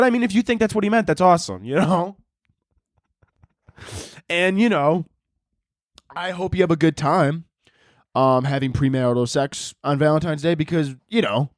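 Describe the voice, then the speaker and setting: A man's voice: fairly high pitch, no room sound, clean studio sound. A young man hosting a podcast, rambling through a comic monologue, swearing often and laughing at his own jokes. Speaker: podcast host. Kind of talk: casual comedic monologue.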